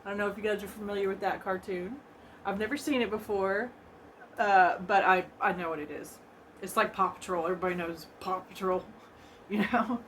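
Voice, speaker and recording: A woman chatting casually to her viewers from a room at home as she unboxes a gift, excitable and gushing, laughing often and repeating herself. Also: medium pitch, a little fast, a little hiss or hum. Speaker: vlogger opening a gift box.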